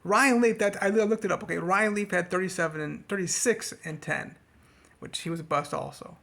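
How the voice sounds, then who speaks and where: A man vents about his football team in a loose, rambling monologue, like a fan talking straight to his camera. His sarcasm often pushes his voice up high and mocking before it drops back to a mutter. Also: normal speed, creaky, fairly bright tone. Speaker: sports vlogger. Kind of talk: casual sports rant to camera.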